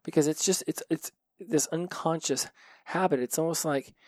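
A man's voice: a little high, normal speed, darkish tone, dry recording. A man hosting a solo podcast, talking in a frank, reflective way and swearing freely. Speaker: podcast host. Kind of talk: candid solo podcast monologue.

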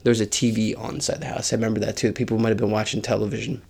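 A man in his forties, hosting his podcast, tells a story in a casual and animated way. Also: lowish voice, very fast, vocal fry, husky. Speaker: podcast host.

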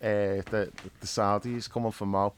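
A man, co-hosting a casual football chat, blunt and sweary, getting loud when he argues a point. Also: on the low side, level tone, normal speed, clear, resonant tone. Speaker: podcast co-host, football editor.

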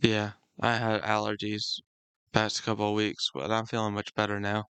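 A man's voice: lowish voice, monotone, moderate pace, a bit bright, clean tone, no room sound. A man co-hosting a podcast in casual chat, agreeable and giving short replies. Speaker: podcast co-host.

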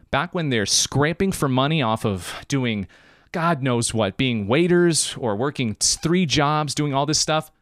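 A man hosts his podcast live, talking in a slightly high, very animated voice. He is emotional and choked up, and he drives his points home by repeating them. The sound is dry and close. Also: no room sound. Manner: emphatic, emotional, repeats phrases for emphasis. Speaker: podcast host. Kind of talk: live-streamed podcast monologue.

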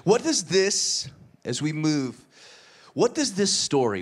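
A male pastor delivering a sermon with a somewhat raised voice. He tells the story with energy and often slips into the characters' voices, mixing scripture with casual asides. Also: slow. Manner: animated storytelling, acts out dialogue with shifting pitch.

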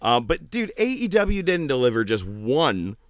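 Lively, joking male podcast co-host. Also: mid-range voice, normal speed, dry recording, clean studio sound. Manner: animated, joking, swears casually. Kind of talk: casual chat.

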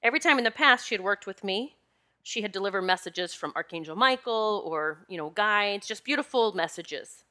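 A woman with a bright, forceful voice tells a personal story in a relaxed monologue. She sounds animated and confiding and speaks straight to her listeners. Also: mid-range voice, normal speed. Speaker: spiritual energy practitioner.

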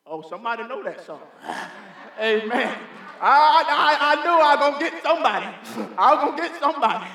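A man's voice: very high-pitched, very animated, fairly quick, sharp tone. A man preaching a sermon in a church sanctuary, fervent and emphatic, calling out hallelujah and amen. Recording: reverberant church hall.

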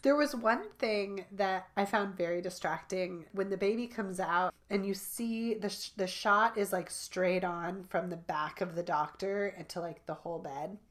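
A woman's voice: medium pitch, moderate pace, hardly any pauses. A woman in her thirties co-hosting a podcast in casual chat, talking loosely with lots of fillers and frequent laughs. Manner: chatty, laughs often, many "like" fillers. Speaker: podcast co-host.

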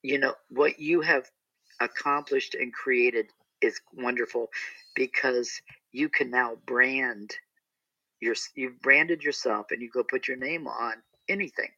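A man's voice: mid-range voice, slow pace, pushed and bright, no echo, highs cut off. A middle-aged man, an entertainer, telling a rambling story in a casual interview with many restarts and asides.

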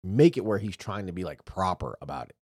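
A man in his thirties co-hosts a casual podcast, chatting loosely, animatedly acting out quotes and swearing freely. His low voice is brisk and slightly rough, captured in clean studio sound with no echo.

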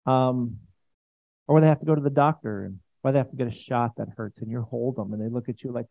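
A male pastor gives a chatty, enthusiastic sermon in a church and keeps turning to speak directly to his congregation. His voice sits at an ordinary middle pitch. The recording is dry, with no room sound, and its narrow band makes it sound like a phone line. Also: fast talker, creaky, dry recording. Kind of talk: conversational sermon.

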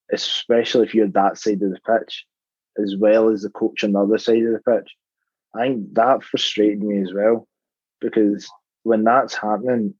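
Male player guest, low and husky, hesitant talker, dry muffled recording. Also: a little mellow, no echo. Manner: plain-spoken, hesitant, lots of "like". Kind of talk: casual interview.

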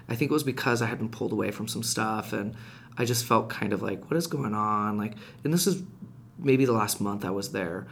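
A man telling a personal story in casual podcast chat, animated and rising in pitch when reliving heated moments. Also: vocal fry, a little hiss or hum. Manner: frequent restarts and fillers, conversational. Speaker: podcast guest.

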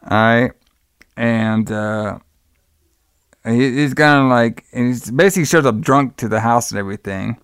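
A man's voice: medium pitch, normal speed, fairly bright tone, clean tone, dry recording, clean studio sound. A man in casual chat, retelling the plot of a film in a rambling way and acting out lines, often saying "all right.". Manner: rambling retelling, acts out quotes, says "all right" a lot.

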